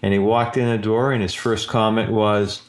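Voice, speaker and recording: A man hosting a show as an energy healer, telling a client story in a slow, drawn-out way. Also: on the low side, flat delivery. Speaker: energy healer radio host. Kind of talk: storytelling monologue. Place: Austin, Texas.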